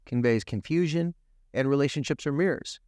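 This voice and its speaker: A man's voice: medium pitch, fairly quick, a little mellow, clear, resonant tone, dry recording, clean studio sound. A man appearing as a guest on a TV talk show, telling a personal story earnestly and emphatically, acting out the quoted dialogue. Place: TV studio.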